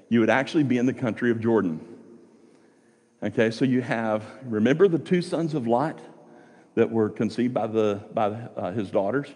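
Male pastor, conversational sermon, husky voice, hall reverb. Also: medium pitch, warm tone. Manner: conversational, asks the audience questions.

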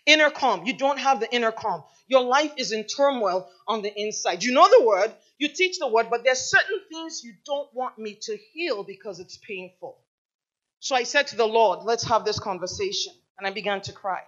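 Female pastor, middle-aged, high voice, impassioned sermon, dull lo-fi church recording. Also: animated, moderate pace, a bit bright. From United States. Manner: impassioned preaching, rhetorical questions to the congregation.

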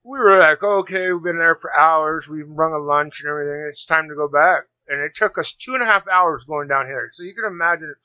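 A man telling a long story in casual conversation, rambling and animated, with many restarts. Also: on the high side, brisk, hardly any pauses, smooth, no echo. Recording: dull lo-fi sound.

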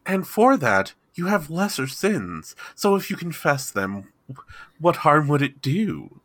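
A soft-spoken priest coaxing a confession, as a man plays him in a tabletop game. His voice is bright with a husky edge and a lively lilt. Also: fairly high pitch, slow, no room sound, voice pushed up, exaggerated voice. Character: gentle, smooth-talking male priest.

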